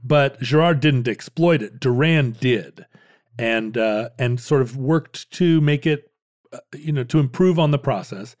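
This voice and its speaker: A man's voice: medium pitch, a little slow, a little mellow, dry recording, clean studio sound. Rambling man chatting dryly. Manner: rambling, many restarts and fillers, playful jokes. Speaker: podcast co-host. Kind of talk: casual conversational history chat.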